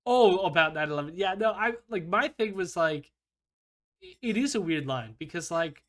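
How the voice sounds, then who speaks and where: Male host, loose rambling talker, a touch high-voiced. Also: lively intonation, normal speed, a bit bright. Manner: loose, rambling, peppered with "like" and laughs. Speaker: podcast host. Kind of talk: casual chat.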